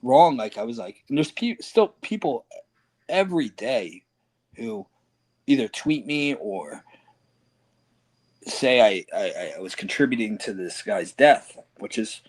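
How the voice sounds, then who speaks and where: A man's voice: medium pitch, animated, measured pace, long pauses. A man, a wrestler, telling loose, profane stories in a casual interview and acting out other people's lines. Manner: loose, profane storytelling with quoted voices. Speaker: professional wrestler, guest.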